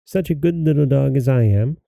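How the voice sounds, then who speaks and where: A man's voice: medium pitch, fairly quick, vocal fry, warm tone, no room sound, voice pushed up. A man voicing a small, devoted male dog in a storybook reading, speaking proudly and insistently.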